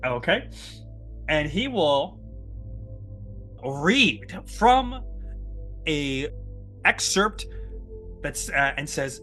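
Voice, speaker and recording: A man narrating a tabletop game as game master, animated and often laughing. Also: on the high side, drawn-out words, long pauses, faint music behind.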